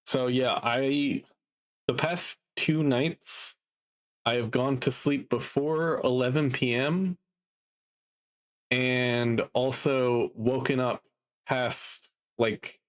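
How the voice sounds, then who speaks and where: A man streaming live and chatting casually, drowsy and a bit down, rambling slowly with lots of fillers. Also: medium pitch. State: sleepy and low in mood.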